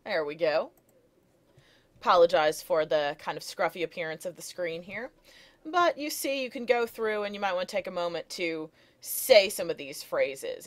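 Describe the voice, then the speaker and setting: A woman's voice: lowish voice, animated, unhurried. A woman teacher narrating lecture slides, explaining steadily and reading poem lines aloud.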